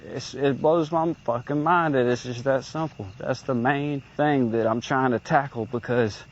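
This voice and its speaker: A man's voice: mid-range voice, steady tone, normal speed, highs cut off, a little hiss or hum. Agitated, profane man venting outdoors. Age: late 20s. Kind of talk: venting monologue recording.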